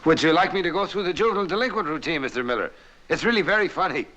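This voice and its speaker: An actor with an Irish accent playing a hapless young ventriloquist who can't find work. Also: male voice, a little high, lively intonation, very fast, bright, forceful tone. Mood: eager. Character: hapless young male ventriloquist down on his luck. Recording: dull old TV audio with music. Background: music.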